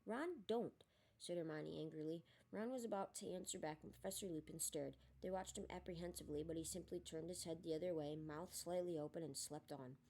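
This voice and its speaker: A woman reading a novel aloud in steady narration, with occasional small slips and restarts. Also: sits low, fast talker, hardly any pauses. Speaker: audiobook reader. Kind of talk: storybook narration.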